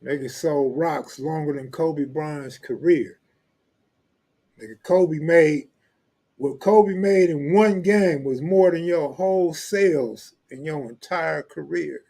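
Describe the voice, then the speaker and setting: Man, slangy joking live stream chat, a bit high voice. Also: slow pace, warm tone. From California. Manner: loose, joking street slang, laughs often. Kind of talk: casual chat reading live comments.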